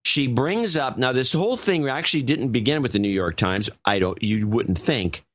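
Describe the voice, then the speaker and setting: Animated male podcast co-host, dry sound. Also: mid-range voice, normal speed, dry recording. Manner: animated, retells clips with acted quotes. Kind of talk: casual political commentary.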